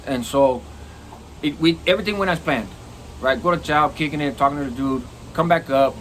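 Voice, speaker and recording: A middle-aged man telling a prison story in a casual, profane, animated way. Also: fairly high pitch, fairly quick, slight background noise. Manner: animated, profane, acts out quoted lines.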